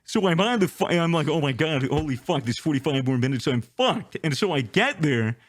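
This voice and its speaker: A man telling a travel story in casual chat, animated and swearing, acting out the people he met. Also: a little high, a little fast, no echo, clean studio sound.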